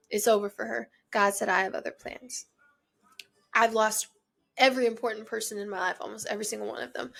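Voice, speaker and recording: A woman's voice: medium pitch, vocal fry, a bit bright. A young woman hosting a faith-based podcast, talking earnestly and emphatically, repeating encouraging phrases. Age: young adult. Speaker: podcast host. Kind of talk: faith-based motivational chat.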